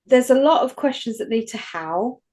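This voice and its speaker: A woman's voice: on the high side, expressive, normal speed, a little mellow. A woman co-hosting a casual film review podcast, wry and chatty, hedging her points. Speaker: podcast co-host.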